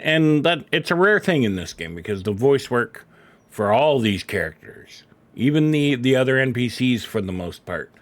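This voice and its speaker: Middle-aged guy streaming games, chatty, jokes at his own expense, voice bouncing up and down a lot, desk mic at home. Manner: chatty and self-deprecating, jumping up and down in pitch. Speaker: game streamer. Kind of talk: casual live-stream commentary.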